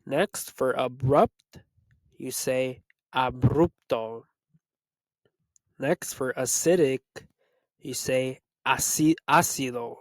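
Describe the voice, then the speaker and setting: A man teaching Spanish, reading a vocabulary list and repeating each word slowly to drill it. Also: medium pitch, no echo. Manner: slow, repetitive word-by-word drilling. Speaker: Spanish tutor. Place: Los Angeles area.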